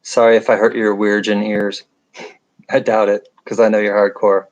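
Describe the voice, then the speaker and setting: A man's voice: lowish voice, little pitch movement, normal speed, rough recording. A middle-aged man with a nasal upstate New York accent, hosting a casual livestream chat at home at night, joking and rambling as he reads viewer comments. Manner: rambling, joking, self-deprecating asides. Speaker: livestream host reading chat.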